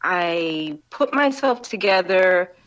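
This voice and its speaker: A woman's voice: on the low side, lively intonation, slow, a bit bright, highs cut off. A woman guest on a podcast, chatting in a laid-back way with many restarts. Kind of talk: casual chat.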